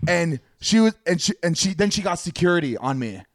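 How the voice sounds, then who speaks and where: A podcast co-host telling a story in casual chat, animated and swearing freely. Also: male voice, high-pitched, fairly quick, no room sound, clean studio sound.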